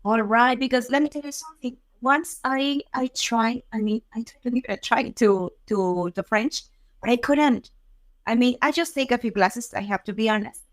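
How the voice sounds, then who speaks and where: A woman's voice: a little high, normal speed, no echo. A woman interviewing a guest, talking hesitantly and saying "I mean" a lot. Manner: hesitant, many "I mean" fillers. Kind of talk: casual interview conversation.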